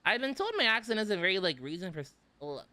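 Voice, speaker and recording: A young man from the southern United States with an American accent chats casually on a livestream as a vtuber, reading comments. His high voice is sing-song, quick, and sharp-toned, and he's giggly, filling his talk with many "like"s.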